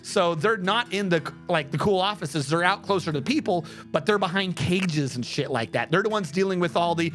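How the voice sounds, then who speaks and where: A man's voice: high-pitched, animated, normal speed, hardly any pauses, a bit bright, soft background music. A man streaming a game, chatting in a casual, profane rant and explaining things step by step.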